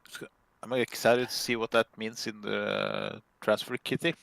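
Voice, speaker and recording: A man's voice: on the low side, little pitch movement, normal speed, gravelly, a bit bright. A man co-playing a football management game, giving short, laid-back replies. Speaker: co-player. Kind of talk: casual gaming chat.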